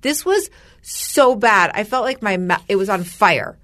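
A young woman co-hosting a podcast, telling a story in casual chat and acting out what others said. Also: a little slow. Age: young adult. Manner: animated storyteller, acts out quotes with big pitch jumps. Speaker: podcast co-host.

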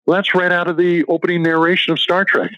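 A man's voice: high voice, flat delivery, fast, no echo. Guy in an interview rambling through detailed stories, muffled lo-fi audio. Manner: detailed anecdotal storytelling. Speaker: author guest. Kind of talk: interview answers. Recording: dull lo-fi dry recording.

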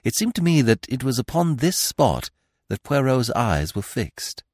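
A man narrating a classic mystery novel as a podcast reader, in a measured, expressive storytelling manner. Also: mid-range voice, dry recording, studio quality. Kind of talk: audiobook reading of a classic mystery.

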